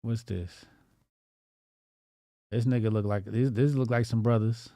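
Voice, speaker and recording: A male comedian riffs through internet posts in loose slang, swearing freely and breaking into laughter. His voice sits at an ordinary middle pitch. The recording is dry and close. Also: steady tone, unhurried, warm tone, no room sound. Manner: profane, laughing, slangy and off-the-cuff. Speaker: comedian host.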